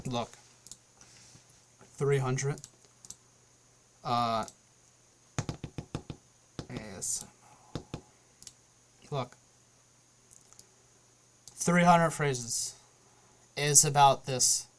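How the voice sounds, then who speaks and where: A man's voice: mid-range voice, very slow, long pauses, a little hiss or hum. A man talking casually straight to the camera in a loose, rambling monologue full of fillers. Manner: loose, filler-heavy, often checks in with "okay?". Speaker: vlogger.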